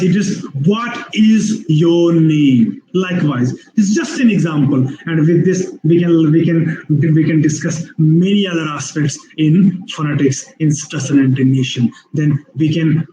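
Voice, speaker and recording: A man giving an online webinar lecture on English skills, explaining slowly with repeated phrases and drawn-out spoken examples. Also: fairly high pitch, warm tone, roomy sound, slight background noise, rough recording.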